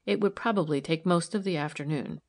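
Calm lower-voiced woman narrator. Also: brisk. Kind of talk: audiobook narration.

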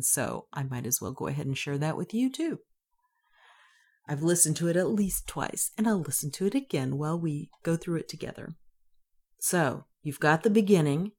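A woman hosting a reading podcast, giving a chatty, relaxed introduction. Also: low voice. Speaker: podcast host. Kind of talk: casual introduction.

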